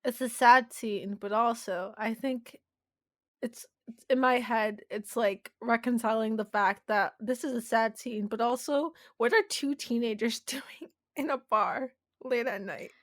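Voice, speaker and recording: Woman podcast cohost, kinda high voice, rambly and giggly, lots of "like", dry close sound. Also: measured pace, a bit bright, no echo. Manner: rambling, many fillers, emotional and giggly. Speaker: podcast co-host. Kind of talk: casual chat recapping a TV episode.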